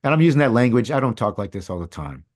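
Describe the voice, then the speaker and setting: A middle-aged man telling a personal story as a podcast guest, candid and rambling, his voice dropping to a hush and rising again. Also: medium pitch, sing-song, fast. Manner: candid, rambling, swings between loud and hushed. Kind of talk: casual storytelling.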